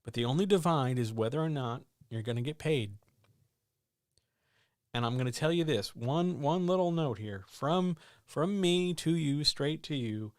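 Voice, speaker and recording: A man's voice: on the high side, animated, unhurried, dry recording, studio quality. Blunt, joking man giving advice. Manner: blunt, joking, direct to the listener. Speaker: host answering writing questions. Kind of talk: live-stream advice talk.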